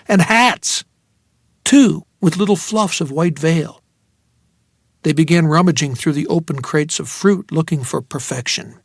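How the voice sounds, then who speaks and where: A man's voice: a little high, no echo, studio quality. A man narrating a first-person novel audiobook in a wry, reflective manner.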